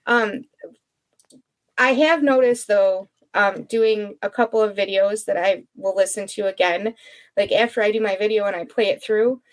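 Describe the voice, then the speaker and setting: A woman from Michigan co-hosting a podcast, chatting in an animated, amused way. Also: mid-range voice, moderate pace. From Michigan, USA. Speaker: podcast co-host. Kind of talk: casual chat.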